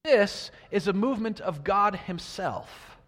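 A man preaching a sermon. He asks his listeners many rhetorical questions and swings between loud emphasis and quiet asides. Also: high-pitched, animated, a little slow. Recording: long reverb of a large hall.

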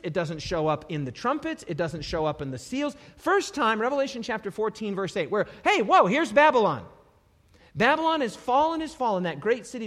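Guy preaching, high lively voice swinging all over, big reverby hall. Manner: emphatic, dramatic scripture reading with sudden loud bursts. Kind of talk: sermon.

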